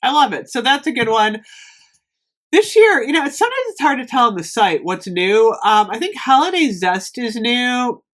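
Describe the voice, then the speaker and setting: A woman's voice: a little high, big pitch swings, normal speed, fairly bright tone. Chatty woman reviewing candles. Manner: chatty, rambling, frequent ums. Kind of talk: casual product review vlog.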